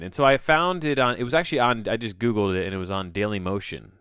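A man's voice: lowish voice, expressive, fast, hardly any pauses, fairly bright tone, smooth, dry recording, studio quality. A man hosting his own podcast, talking in a rambling, offhand way on a home mic and often breaking off mid-sentence. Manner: rambling, offhand, self-interrupting. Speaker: podcast host. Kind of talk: casual solo podcast monologue.

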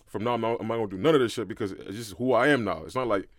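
A young man from Brooklyn, co-hosting a podcast in slangy, animated casual chat. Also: lowish voice, no room sound, studio quality. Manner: fast, slangy, animated storytelling. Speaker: podcast co-host.

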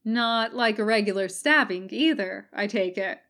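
A woman voicing a deadpan young male ninja. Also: medium pitch, normal speed, close to an everyday voice. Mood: dry. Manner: dry, deadpan.

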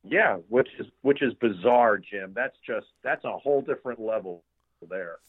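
A man's voice: lowish voice, moderate pace. A man talks casually and mostly chimes in with short replies. His voice comes through a thin, tinny line that sounds like a phone call. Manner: brief agreeing replies. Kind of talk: casual chat.

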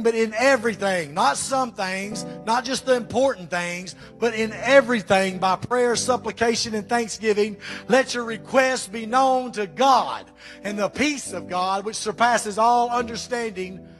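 A man's voice: high-pitched, a bit bright. A man preaching a sermon to his church, reading scripture with emphatic praise.

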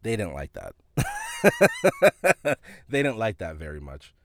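Lively, profane man telling stories. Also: rumbling low, a little fast, creaky, dry recording. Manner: animated, profane, laughing storyteller. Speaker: retail store worker telling stories. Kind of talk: casual storytelling.

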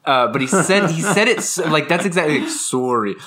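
Sex: man. Role: podcast co-host. Style: casual comedic chat. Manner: giggly and rambling. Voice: animated, bright. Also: fairly high pitch, brisk. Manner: giggly, rambling, breaks into laughter. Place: living-room couch at home.

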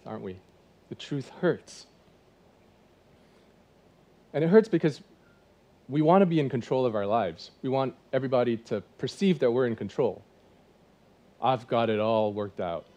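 In a church, a pastor in his forties delivers a sermon in a conversational style, full of rhetorical questions. His voice is lowish and dark in tone.

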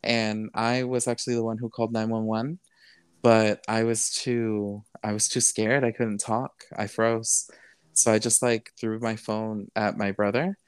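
A man's voice: fairly low pitch, little pitch movement, measured pace, clear, resonant tone, dry recording. A man, a podcast guest telling a personal story in a casual, earnest way, switching between English and Spanish with plenty of "you know". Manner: earnest, emotional retelling.

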